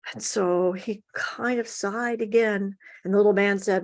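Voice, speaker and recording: A woman storyteller spins a giant folktale at an online story swap, speaking expressively with dramatic pauses and rising emphasis. Her voice sits at an ordinary pitch. It comes through a video call from home. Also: steady tone, vocal fry. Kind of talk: oral folktale telling.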